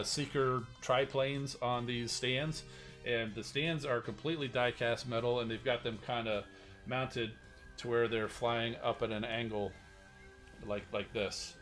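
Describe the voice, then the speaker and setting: A man with a mid-range, slightly bright voice hosts a casual livestream show-and-tell. He's a toy collector showing his collectible figures to his channel, and his rambling talk is full of fillers and restarts.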